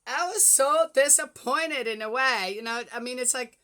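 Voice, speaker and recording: An older woman, a grandmother, chatting casually and rambling through a story with many fillers, getting animated and exasperated. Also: high-pitched, normal speed, few pauses. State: flushed from a hot flash. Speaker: Bible reading podcaster. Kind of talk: casual chat.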